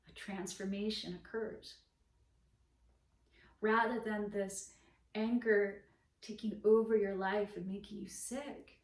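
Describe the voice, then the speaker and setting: A woman yoga teacher speaks in an unhurried, gentle, reflective way, letting her words settle. Her voice sits a little away from the mic, with a roomy echo around it. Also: medium pitch. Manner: slow, gentle, reflective teaching with soft closing blessings. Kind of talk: spoken dharma talk. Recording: echoey room, voice from a distance.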